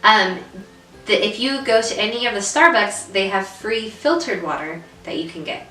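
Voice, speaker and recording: A young woman with a bright, forceful voice tells an emotional story in a casual vlog, full of "um" and "like". She sits some way back from the mic. Her voice rings in a roomy space. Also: medium pitch, moderate pace, recorded from a distance, faint music behind. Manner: emotional storytelling with many fillers. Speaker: vlog co-host. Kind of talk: casual chat. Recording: roomy echo, away from the mic.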